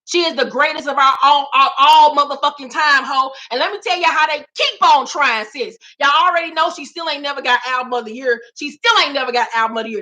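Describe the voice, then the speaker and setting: A woman's voice: sits high, pushed and bright. A woman hosting her own vlog, ranting about celebrity gossip in a profane, emphatic way and repeating lines for effect. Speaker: vlog host.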